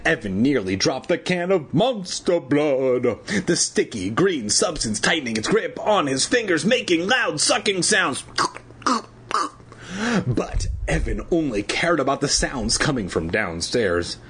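A man's voice: on the high side, big pitch swings, unhurried, a bit bright, breathy edge. A man reading a children's spooky book aloud in a comic way and breaking off with irreverent, joking asides.

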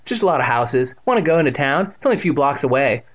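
A man's voice: medium pitch, very animated, fast talker, muffled recording. A man reading aloud and voicing a bold, teasing young girl who speaks bluntly and playfully.

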